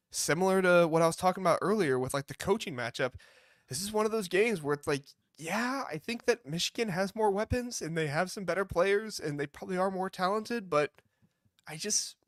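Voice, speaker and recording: Casual male podcast co-host, slightly high voice, dry close sound; thinks aloud, animated and chatty. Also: no echo. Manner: animated, reasoning aloud with fillers. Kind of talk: casual sports talk.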